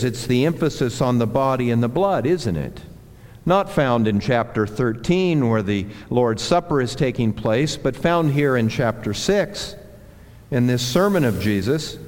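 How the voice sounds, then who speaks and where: A male pastor delivers a sermon at an unhurried, measured pace, leaning on repetition for emphasis. His mid-pitched voice carries a long reverb, as if filling a large church hall. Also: animated, a little mellow. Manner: slow, deliberate preaching with emphatic repetitions. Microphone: handheld or clip mic that slipped.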